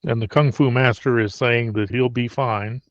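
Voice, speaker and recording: A man playing a tabletop game, thinking aloud slowly over the rules. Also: mid-range voice, fairly even intonation, dry recording. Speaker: player. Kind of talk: casual tabletop play. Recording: dull lo-fi mic.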